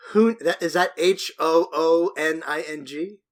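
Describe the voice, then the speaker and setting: Male co-host, slightly higher voice, casual jokey banter with cursing. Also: measured pace. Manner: joking, profane, loose. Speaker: podcast co-host. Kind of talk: casual podcast chat.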